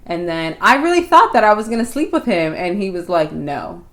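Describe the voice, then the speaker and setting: A woman's voice: medium pitch, brisk. A woman co-hosting a podcast, telling a story in casual chat and acting out quotes. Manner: animated, acts out quotes. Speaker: podcast co-host.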